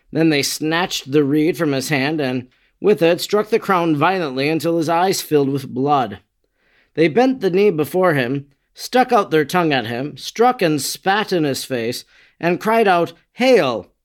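Male reader for a solemn devotional reading, slightly high voice, unhurried delivery. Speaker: narrator. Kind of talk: reading a devotional book aloud.

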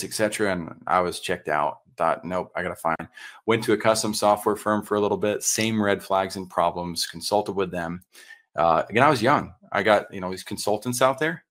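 Guy with a deep voice on a podcast, animated storyteller, lots of ums and acted-out quotes. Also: brisk. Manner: animated, acts out quoted dialogue, frequent fillers and restarts. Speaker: podcast guest, entrepreneur and consultant.

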